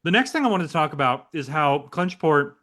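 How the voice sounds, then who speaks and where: A man's voice: on the high side, sing-song, fairly quick, fairly bright tone. A man hosting a casual podcast chat, rambling and restarting his phrases as he talks. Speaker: series co-creator and podcast host.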